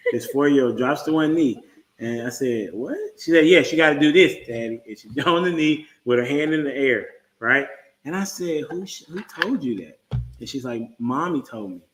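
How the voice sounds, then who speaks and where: A man in his thirties hosts a casual livestream, talking at a middle pitch. He tells his story in a relaxed, halting way, with plenty of fillers and restarts. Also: a little hiss or hum, rough recording. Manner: laid-back, halting storyteller with many fillers. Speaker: podcast host.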